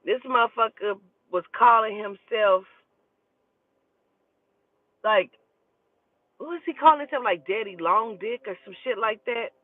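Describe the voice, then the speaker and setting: A woman who works as a spiritual advisor, telling a personal story in a lively, profane, gossipy way and acting out the dialogue. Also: fairly high pitch, a little slow, pauses often, no room sound. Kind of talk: casual storytelling. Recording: tinny phone-like dry sound.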